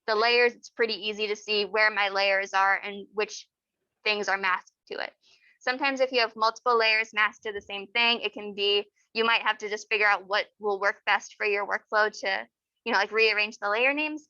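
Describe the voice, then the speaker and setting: A young woman leading a casual online software workshop, explaining step by step with many fillers. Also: medium pitch, no room sound, dull audio. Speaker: workshop instructor. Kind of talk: software tutorial over screen share.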